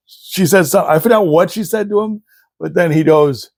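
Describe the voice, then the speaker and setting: Speaking fairly quickly in a high-sitting, creaky, slightly mellow voice, this man hosts a casual show where he laughs a lot while sharing humorous stories about his family. There's no echo.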